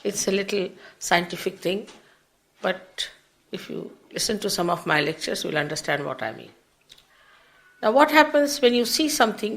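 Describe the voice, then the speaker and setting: An older woman, a spiritual teacher, giving an unhurried, explanatory public lecture with big swings in pitch and loudness. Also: animated. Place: public program before an audience.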